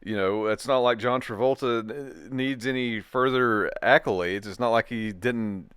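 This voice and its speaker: A man's voice: mid-range voice, a little slow, a bit bright, clear, resonant tone, no echo, studio quality. A young adult man co-hosting a casual chat, joking and rambling with restarts. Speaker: co-host.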